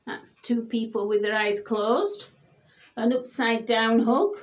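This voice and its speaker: A woman reading a children's picture book aloud in a gentle, expressive storybook voice. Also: a little high, slow pace.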